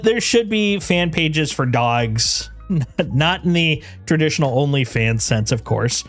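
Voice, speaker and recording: A man's voice: on the high side, lively intonation, measured pace, faint music behind. A man chatting casually on his game livestream. He rambles with restarts and laughs, and coos at his dog in doting baby talk. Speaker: game streamer.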